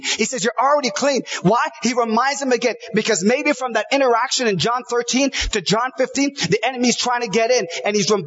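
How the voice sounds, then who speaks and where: A man's voice: sits high, a bit bright, slightly rough, lo-fi sound. A man preaching a sermon, emphatic, piling up repeated phrases and quoting scripture. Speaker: pastor.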